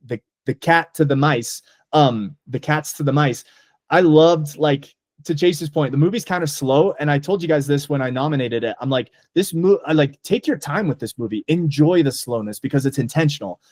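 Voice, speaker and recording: A man's voice: mid-range voice, a little mellow, dry recording, studio quality. A man co-hosting a casual movie podcast, talking enthusiastically and rambling with lots of fillers. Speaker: podcast co-host. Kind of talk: casual movie review chat.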